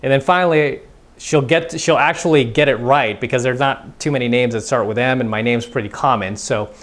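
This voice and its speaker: A man's voice: mid-range voice, fairly quick, fairly bright tone. A man giving a casual, conversational dating lesson as a coach, acting out both sides of example conversations. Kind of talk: instructional monologue.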